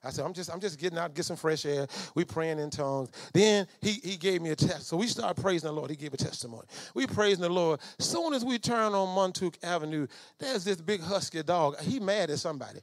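A middle-aged man preaching a storytelling sermon. His voice sits high and has a gravelly fry to it. The sound is close and dry, and he jumps from quiet asides to shouted commands. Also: fairly quick, hardly any pauses, no room sound. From Southern United States. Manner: animated, swings from low asides to shouted commands.

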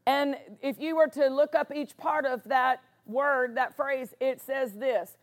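Slow, high-voiced woman preaching emphatically. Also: fairly even intonation. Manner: emphatic, repeats words for stress. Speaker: pastor. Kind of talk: sermon.

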